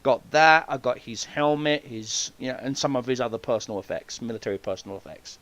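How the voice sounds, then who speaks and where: A man hosting a podcast, telling hunting stories in a casual, profane, animated way and acting out the people he quotes. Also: medium pitch, fairly quick, dry recording. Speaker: podcast host. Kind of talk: casual storytelling chat.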